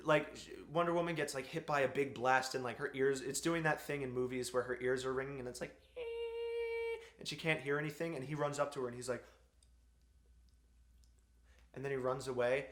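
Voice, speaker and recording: A man's voice: medium pitch, steady tone, fast talker, fairly bright tone. A man giving an exasperated, profanity-laced film review rant. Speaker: movie reviewer. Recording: echoey room.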